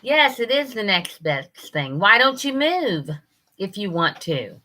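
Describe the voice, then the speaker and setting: Bright-voiced older woman chatting on a live stream. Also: medium pitch, sing-song, unhurried. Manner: chatty, reads out viewer comments and laughs often. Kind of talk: casual live-stream chat.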